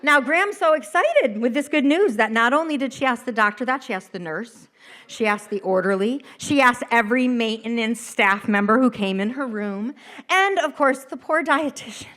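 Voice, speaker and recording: High-voiced woman telling a comic story. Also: moderate pace. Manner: animated, comic, laughs at her own lines. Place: theater stage.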